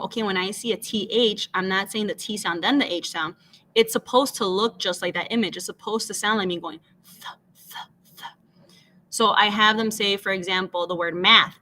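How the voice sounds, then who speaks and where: Bright-voiced teacher modeling phonics sounds. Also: female voice, medium pitch. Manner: patient, explains slowly and models sounds aloud. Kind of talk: bilingual classroom phonics explanation.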